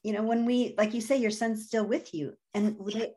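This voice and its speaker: A woman's voice: on the high side, fairly even intonation, moderate pace, dark tone. A woman, a guest author, speaking in an earnest, reflective way as she tells personal stories in a conversational interview.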